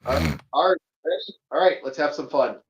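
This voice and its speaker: A man's voice: a little high, fairly quick, a little hiss or hum. Joking man hosting a voice-call chat. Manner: loose and joking, swears casually. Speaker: host. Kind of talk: casual chat on a group voice call.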